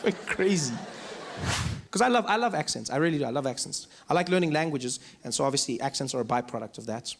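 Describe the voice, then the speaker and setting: A man with a South African accent, performing animated stand-up storytelling and switching between voices. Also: mid-range voice, rapid-fire, few pauses. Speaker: stand-up comedian. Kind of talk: stand-up comedy. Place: live comedy venue.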